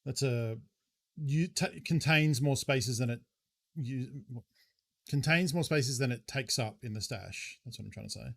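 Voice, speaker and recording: A man's voice: medium pitch, a little slow, gravelly. A male streamer giving casual live commentary while playing a shooter, muttering his thoughts aloud and swearing now and then.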